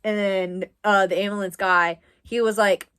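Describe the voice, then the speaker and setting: A woman in her twenties from the US East Coast, telling a personal story to camera in a casual, rambling way, with lots of "like" and quick asides. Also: mid-range voice, steady tone, fairly bright tone, smooth. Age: 20s. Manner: chatty, rambling with frequent "like". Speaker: vlogger.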